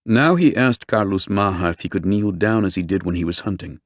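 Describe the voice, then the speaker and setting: A man narrating a true-crime book in a steady, measured storytelling voice. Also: low-pitched, dry recording, clean studio sound. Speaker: audiobook narrator. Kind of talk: scripted narration.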